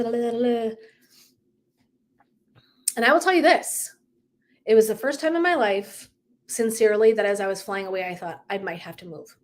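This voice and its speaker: A middle-aged female wellness coach speaks frankly on a casual live stream, a little high in pitch. She swears and laughs while acting out her own thoughts.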